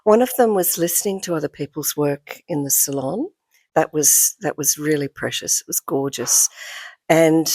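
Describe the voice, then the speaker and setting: A woman's voice: low voice, vocal fry, darkish tone, no room sound. A woman answering interview questions, reflecting thoughtfully and praising what she found wonderful.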